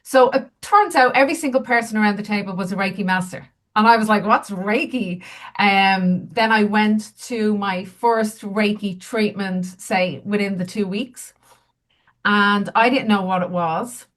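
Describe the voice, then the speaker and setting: A woman's voice: mid-range voice, moderate pace. A woman, a healer and medium, telling candid, self-mocking stories as an interview guest. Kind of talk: casual interview storytelling.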